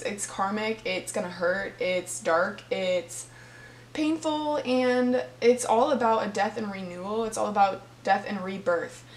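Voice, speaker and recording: Woman doing a tarot reading, sounds earnest and heartfelt, echoey room w a faint hum. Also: mid-range voice. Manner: heartfelt, earnest, speaks to viewers directly. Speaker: tarot reader.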